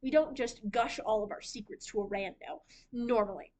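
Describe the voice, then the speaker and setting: Chatty, giggly young woman with a high voice. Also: moderate pace, darkish tone. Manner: chatty, giggly, lots of fillers. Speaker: library writing workshop presenter. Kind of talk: casual talk on writing. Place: library room.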